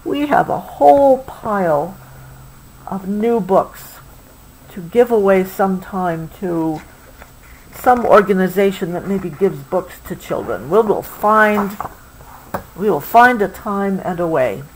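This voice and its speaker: Slow, expressive mom reading aloud. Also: female voice, mid-range voice, slight background noise, poor audio. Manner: expressive, pauses to chat with her child. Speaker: mother reading to her child. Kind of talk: reading a picture book aloud.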